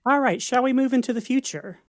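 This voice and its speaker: A woman's voice: high voice, fast talker, dry recording, studio quality. A woman co-hosting a podcast, talking casually with a wry, joking manner. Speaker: podcast co-host. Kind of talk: casual interview chat.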